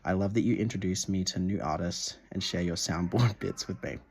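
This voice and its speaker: A man's voice: deep voice, a little fast, vocal fry, slight background noise. A young man in a casual video diary, gushing over a gift and swearing freely, stumbling as he reads a letter aloud at home. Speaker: vlogger.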